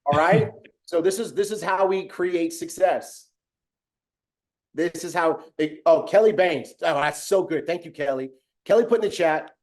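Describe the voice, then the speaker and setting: A man hosting a business training call, talking in an animated way and acting out a restaurant server to make his point. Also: a little high, unhurried. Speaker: host of a business training webinar. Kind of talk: energetic sales coaching talk with role-play.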